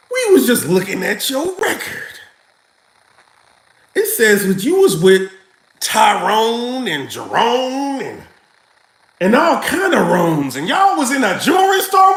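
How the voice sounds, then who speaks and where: A man's voice: extremely high pitch, wildly swooping pitch, slow pace, creaky, fairly bright tone, roomy sound, heavily acted, poor audio. A man voicing a stern male employer who questions someone about their record. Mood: accusing. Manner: accusing, questioning.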